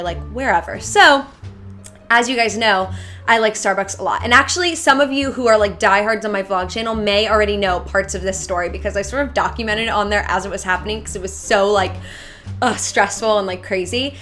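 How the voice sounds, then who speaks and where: A woman's voice: medium pitch, fairly bright tone. A young woman telling a casual storytime to her channel from her bedroom, chatty and full of "like". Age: young adult. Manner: chatty, filler-heavy, lots of "like". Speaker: YouTuber.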